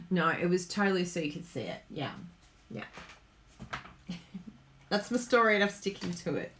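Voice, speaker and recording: Bubbly Australian woman, lively and bright. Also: on the low side, moderate pace, long pauses, slight background noise. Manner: chatty, giggly, reads viewer comments aloud. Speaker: card-making host. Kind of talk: live-streamed crafting demo.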